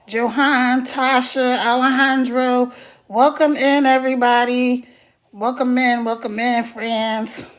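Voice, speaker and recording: A woman hosting a casual phone live stream, chatty and repetitive, greeting viewers by name. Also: fairly high pitch. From United States. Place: mountains of Virginia.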